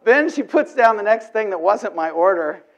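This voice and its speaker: A middle-aged man speaking at church, telling a story in an animated way and acting out inner thoughts, with many restarts. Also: sits high, moderate pace. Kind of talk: sermon storytelling. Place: church sanctuary. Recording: dull lo-fi church recording.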